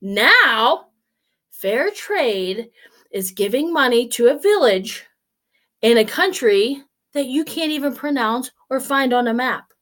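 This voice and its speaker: Slow-talking woman in her forties, blunt. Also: fairly high pitch, lively intonation, a bit bright. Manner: blunt, swears freely, storytelling. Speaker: vlogger. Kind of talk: casual monologue to camera.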